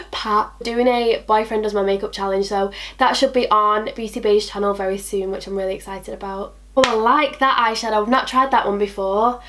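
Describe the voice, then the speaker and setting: A woman's voice: medium pitch, steady tone, a little fast, few pauses, fairly bright tone. A young woman chatting bubbly and casually through a makeup tutorial, talking to herself and her products as she goes. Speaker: beauty vlogger.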